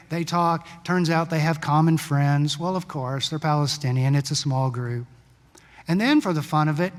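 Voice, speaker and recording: A male pastor preaching a sermon in a conversational storytelling way, sometimes brisk, sometimes slow and hushed. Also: fairly high pitch. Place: church sanctuary. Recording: long church-hall reverb.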